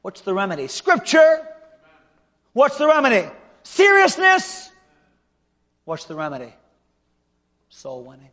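A male pastor preaching a revival sermon with an altar call, swinging from loud shouting to hushed pleading. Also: extremely high pitch, wildly swooping pitch, unhurried, long pauses. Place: large church auditorium. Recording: long hall reverb.

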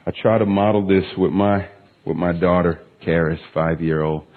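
A man's voice: low-pitched, level tone, normal speed. A man in his thirties preaching a sermon, telling a story about his young daughter and then building to emphatic, impassioned peaks. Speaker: pastor. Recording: tinny phone-like sound.

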